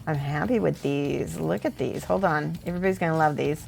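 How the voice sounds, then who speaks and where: Lady streamer giving friendly paint tips, kinda low voice, quiet music in the back. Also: brisk, gravelly. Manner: chatty, encouraging, laughs often. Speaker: miniature painting host and teacher. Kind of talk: casual livestream critique.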